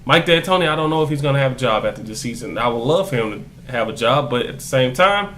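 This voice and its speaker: A young man rants to his camera about his basketball team, heated and cursing, hammering each point twice. His voice sits at an ordinary middle pitch, with a faint hum of room ambience under it. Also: expressive, fast talker, a bit bright. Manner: heated, profane, repetitive emphasis. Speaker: basketball fan vlogger. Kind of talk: ranting sports commentary to camera.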